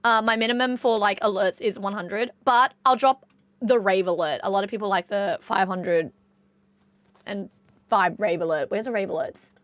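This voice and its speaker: A woman's voice: mid-range voice, moderate pace, fairly bright tone, no room sound. A young Australian woman streamer with an Australian accent, chatting casually with her viewers, reading chat aloud and swearing now and then.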